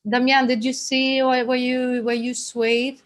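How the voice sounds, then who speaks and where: A fairly high-voiced woman leads a live group class as its teacher. She talks in a chatty, guiding way, often restarting her sentences as she goes. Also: flat delivery, a little slow. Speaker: workshop teacher.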